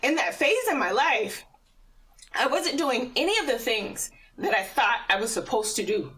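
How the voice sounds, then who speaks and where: Brief: middle-aged woman guest sharing a faith story, lively and expressive, higher voice, sitting a little back from the mic. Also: moderate pace, distant mic, low-quality recording. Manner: animated storyteller, laughs often. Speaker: podcast guest. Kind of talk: personal testimony in casual conversation.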